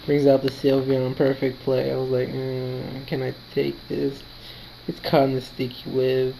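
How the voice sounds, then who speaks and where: Tired man giving flat play-by-play. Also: medium pitch, vocal fry, a little hiss or hum, poor audio. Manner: quick, relaxed play-by-play, quotes his own thoughts. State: tired, yawning. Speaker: gaming commentator. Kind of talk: casual battle commentary.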